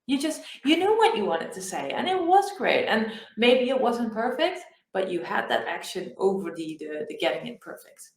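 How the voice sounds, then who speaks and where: A woman's voice: fairly high pitch, very animated, moderate pace, few pauses, echoey room, rough recording. A woman co-hosting a business podcast, chatting casually with a lot of restarts. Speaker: podcast co-host.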